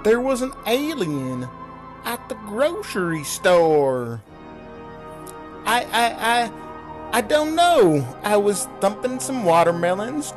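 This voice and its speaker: A nervous, stammering witness in a cartoon skit, put on by the storyteller in a lively, jumpy voice. The words tumble and repeat, with music behind. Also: high voice, voice pushed up, heavily acted. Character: flustered, rattled grocery shopper.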